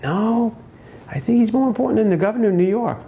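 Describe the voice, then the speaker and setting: A man's voice: high-pitched, expressive, fast talker, creaky, warm tone, dull audio, slight background noise, pitched above the performer's own voice. A man playing a puzzled male police officer who reports to his sergeant, in a told joke. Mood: uneasy. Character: puzzled street cop, male, cautious.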